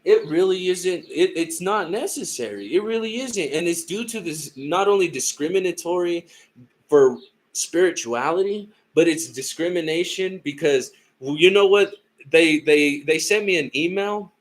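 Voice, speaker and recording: A man's voice: on the high side, expressive, moderate pace. A young man from California telling a story in a casual, heated and rambling way, swearing a lot. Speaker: tarot live streamer.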